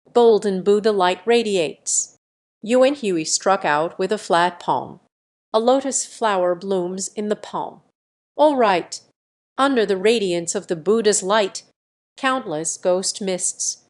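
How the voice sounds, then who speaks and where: A woman narrating a fantasy audio story in a measured storytelling voice. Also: mid-range voice.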